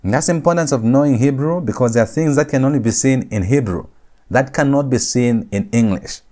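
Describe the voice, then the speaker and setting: A man teaching a Hebrew grammar lecture, repeating each phrase slowly and stressing key words for his students. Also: medium pitch, darkish tone. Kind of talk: recorded classroom lecture.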